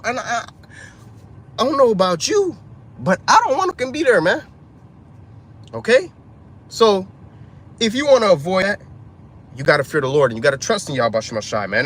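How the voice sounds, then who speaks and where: A man's voice: high-pitched, a bit bright. A man preaching an informal street sermon, urgent and profane, ending lines with "man" and "bro".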